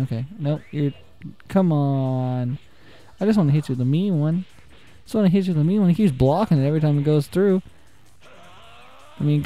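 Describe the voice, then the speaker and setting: A young man streaming a fighting game, hyping himself up and trash-talking the computer opponents between laughs. His voice sits a touch high but sounds very dark and mellow. Faint game music runs behind him. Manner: excitable, trash-talks the opponents, laughs often. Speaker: gaming channel host. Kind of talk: casual gameplay commentary.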